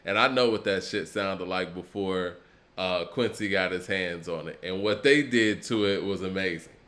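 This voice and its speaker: A man co-hosting a casual hip hop talk show, relaxed and reflective, often trailing off into a quieter voice. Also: deep voice, moderate pace. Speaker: podcast co-host.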